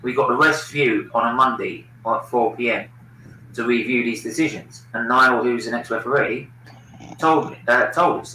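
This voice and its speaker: A man's voice: medium pitch, moderate pace, sharp tone, reverberant, far from the mic, a little hiss or hum, rough recording. A man hosting a football watchalong stream, opinionated and swearing freely in casual chat.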